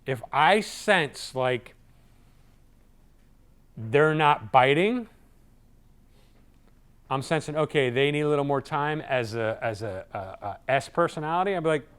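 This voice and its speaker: A man giving a live sales training talk in a lively, conversational way, acting out what customers say. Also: fairly high pitch, measured pace, pauses often, clear, resonant tone. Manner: lively, acts out customer voices.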